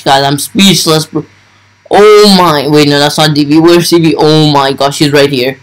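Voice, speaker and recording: A young man giving excited, starstruck commentary over his gameplay, full of breathless exclamations. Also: fairly high pitch, moderate pace, rough recording. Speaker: gaming YouTuber.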